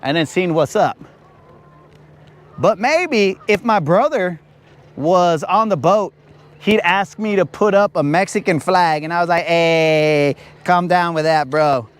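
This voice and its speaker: A man streaming live from a fishing boat on a lake, joking with his chat in a slangy way, his voice a bit raspy from talking. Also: sits high, animated, unhurried, pauses often. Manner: slangy, joking, talks to chat as bro and dog.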